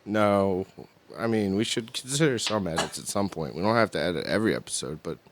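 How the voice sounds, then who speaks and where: A man co-hosting a casual podcast, full of quick wisecracks. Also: low-pitched, lively intonation, noisy background. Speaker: podcast co-host. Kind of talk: casual chat.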